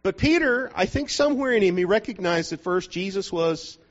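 High-voiced joking preacher. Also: male voice, expressive, normal speed. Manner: conversational and joking, often checks the listeners are following. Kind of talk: sermon. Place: church hall. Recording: dull lo-fi recording.

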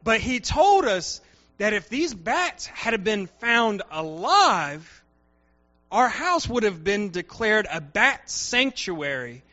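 A male preacher tells a story during his sermon, acting out the people in it with animated energy. His voice sits high and bright, and he takes his time with the words. The recording is dull and lo-fi. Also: slow.

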